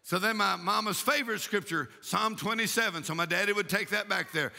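A man preaching a fiery sermon, shouting and exhorting with repeated rallying calls. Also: sits high, fairly quick, creaky. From Texas. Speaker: pastor. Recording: reverberant church hall.

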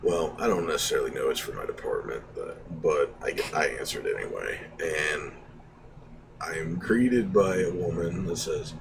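A man's voice: extremely low pitch, animated, moderate pace, creaky. A young man telling stories on a stream in a casual, rambling way, laughing often and restarting his sentences. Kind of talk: casual storytelling. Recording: distant mic with background noise.

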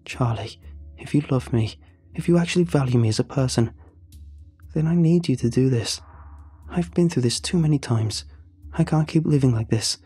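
Brief: man doing a tearful, pleading young woman, high and husky, horror audiobook. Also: expressive, brisk, dark tone, soft background music, exaggerated voice. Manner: shrill, pleading, sobbing delivery.

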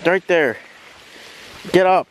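A man's voice: slow, background noise. A man hosting a casual home vlog, chatting with his partner and pet. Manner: high sing-song baby talk to his pet. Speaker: vlogger.

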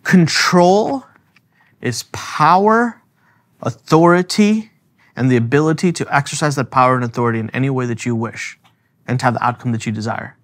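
A man's voice: mid-range voice, steady tone, racing, a bit bright. A man co-hosting a faith podcast, explaining theological ideas carefully and laughing easily. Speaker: theologian co-host. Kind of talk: teaching conversation.

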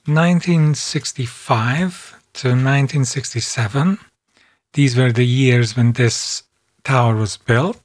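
Male tutorial narrator, slow deliberate delivery, calm step-by-step voice-over. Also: mid-range voice. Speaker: software instructor. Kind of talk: screen-recorded tutorial narration.

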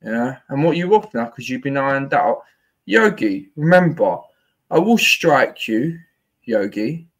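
A man's voice: medium pitch, big pitch swings, a little slow. A man on a livestream, ranting angrily, swearing, taunting and threatening.

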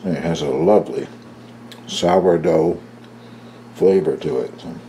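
An older man casually narrating his home baking for a cooking video, chatty and relaxed, tasting as he talks. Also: rumbling low, unhurried, slight background noise. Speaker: home baker, channel host.

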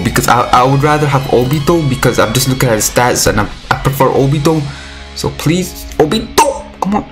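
A man giving live commentary on a mobile game, excitable and chatty with his viewers, breaking into squealing outbursts. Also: medium pitch. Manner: pleading and chatty toward viewers.

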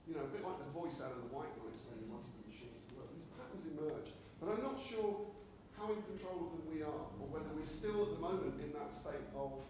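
A man giving a conference lecture, animated and conversational, often restarting his sentences. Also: fairly high pitch, fairly quick, few pauses, background noise. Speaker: keynote speaker. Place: lecture hall. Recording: echoey hall, voice from a distance.

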